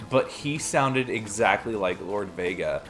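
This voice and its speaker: A man's voice: on the low side, animated, a little slow, a bit bright, soft background music. Rambling young man streaming a game. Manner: rambling anecdotes, frequent laughter. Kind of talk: casual chat while streaming a game.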